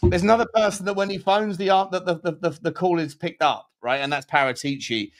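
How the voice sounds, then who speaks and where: Man, podcast host, blunt, opinionated, stammers, slightly high voice. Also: quick pace, slight background noise. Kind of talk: casual fan chat show.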